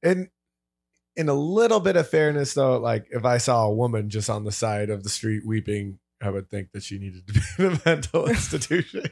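A man's voice: medium pitch, animated, moderate pace, gravelly, a little mellow. A man in casual chat, hedging and agreeable.

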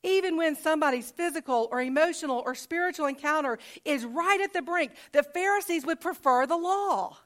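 Lady pastor giving a sermon, slightly high voice, chatty, lots of rhetorical questions. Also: a little fast, few pauses. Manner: conversational, rhetorical questions, repeats phrases.

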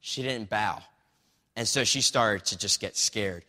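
A man's voice: on the low side, measured pace, sharp tone. A man retelling a story in a sermon, reading bits from a book, in a loose conversational way with many fillers and restarts. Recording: long reverb of a hall.

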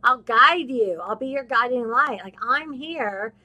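A woman hosts a faith podcast, talking straight to her listeners. Her voice sits a little high and sounds bright and forceful. She stresses her points by repeating them and often slips into the voices of the people she describes. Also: lively intonation, unhurried. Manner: emphatic and repetitive, acts out other people's voices. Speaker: podcast host. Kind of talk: casual faith talk, preaching to listeners.

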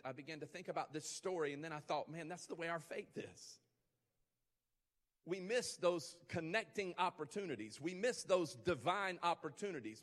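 Male pastor, emphatic preacher, high voice, long hall reverb. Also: a bit bright. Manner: emphatic, repetitive build-ups, rising intensity. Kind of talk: sermon.

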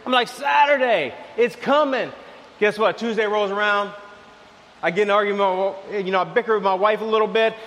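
Man, pastor, sermon, animated storytelling, soft low asides, high voice, long hall echo. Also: quick pace.

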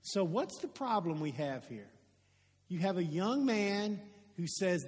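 High-voiced preacher in a reverberant hall. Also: male voice, sing-song, a little slow. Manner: storytelling, rhetorical questions, swings from loud to hushed. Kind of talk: sermon.

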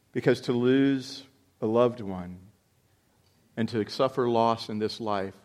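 A man preaching a sermon, dropping low and quiet for scripture and rising loud and emphatic for his points. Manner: preaching with big swings from quiet reading to loud emphatic outbursts. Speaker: pastor.

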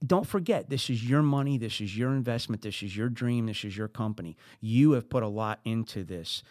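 A middle-aged man with a New Jersey accent hosting a podcast, giving business advice in an animated way with high emphatic bursts. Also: a little fast, no room sound, studio quality. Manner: animated, acts out exasperated quotes, rising into high emphatic bursts. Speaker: podcast host.

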